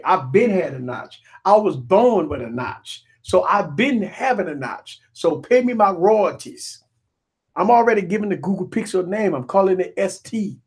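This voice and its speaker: A high-pitched, slightly husky man hosts a live tech stream. He rants and jokes, swinging his pitch up and down as he circles back to the same points again and again. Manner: animated, repetitive, joking rants. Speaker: tech show host.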